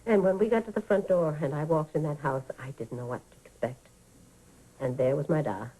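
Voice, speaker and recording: An old storyteller. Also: female voice, low voice, brisk, mellow, breathy edge, rough recording. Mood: warm reminiscing. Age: older. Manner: fond, vivid storytelling with sighs. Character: elderly Irish woman telling a childhood tale to children. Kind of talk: 1980s radio drama.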